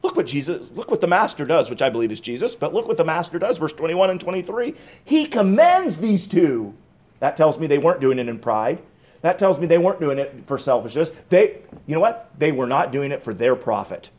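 A man preaching a sermon, swinging from emphatic raised bursts to low, hushed reflection. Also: animated, fast. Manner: emphatic, rising to raised bursts on key points. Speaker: pastor.

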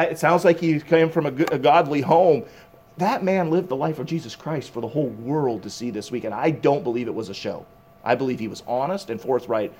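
A man preaching a sermon, swinging from emphatic raised bursts to low, hushed reflection. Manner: emphatic, rising to raised bursts on key points. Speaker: pastor.

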